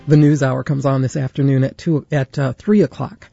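Husky, gravelly male station announcer. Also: mid-range voice, fairly even intonation, normal speed, dark tone, no room sound, muffled recording, faint music behind.

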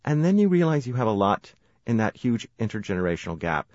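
An American man speaks as an author guest in a radio interview, spinning anecdotes with frequent laughter. His voice sits low, and the recording is dry and close with a dull broadcast tone. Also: sing-song, fast, dry recording. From United States. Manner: warm storytelling, laughs often.

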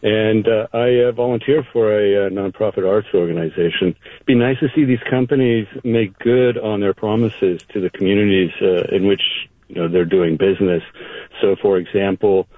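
A man calling in to a radio show, speaking haltingly with many uhs and ums. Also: on the low side, steady tone, no echo. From San Francisco Bay Area. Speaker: caller. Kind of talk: call-in radio comment. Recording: tinny dry phone line.

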